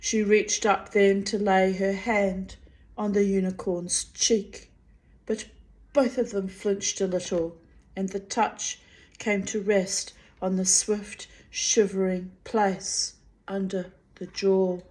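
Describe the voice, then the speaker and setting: Brief: a woman reading aloud from a novel, unhurried and gentle, mid-pitched. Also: level tone. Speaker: reader. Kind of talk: audiobook narration.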